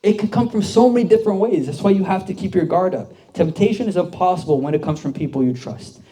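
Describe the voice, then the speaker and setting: A man's voice: sits high, fast talker, mellow. A young man, a deacon, giving a casual storytelling sermon to a youth group, talking conversationally with many fillers and questions to the audience.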